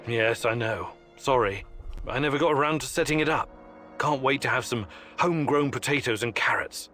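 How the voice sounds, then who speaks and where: A man's voice: mid-range voice, normal speed, sharp tone, soft background music, close to an everyday voice. An actor with a Russian accent playing a practical, matter-of-fact male scientist in a video game. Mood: dry, practical.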